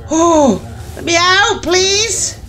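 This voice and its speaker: A woman with an extremely high, bright, pushed voice and lively intonation draws out her words over soft background music. She hosts a horror game playthrough, talking to herself in jumpy let's-play commentary, often screaming, swearing, and laughing nervously.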